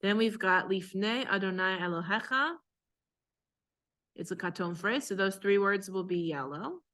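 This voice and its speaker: A woman cantor teaching a class on Torah chanting, explaining patiently and then chanting phrases slowly as examples. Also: mid-range voice, fairly bright tone. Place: synagogue class.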